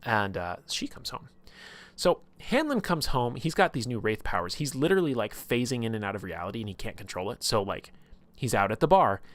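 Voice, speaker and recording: A man's voice: medium pitch, big pitch swings, fairly quick, a bit bright, no room sound. A man casually recapping his tabletop campaign on a stream, rambling and full of filler words. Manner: rambling, filler-heavy, lots of "like".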